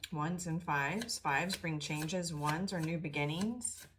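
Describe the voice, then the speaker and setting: A middle-aged woman with a low voice gives a casual spiritual tarot reading. She talks softly and rambles, and she sounds emotional, close to tears. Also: slow, noisy background. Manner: emotional, tearful and soft-spoken. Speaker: tarot reader.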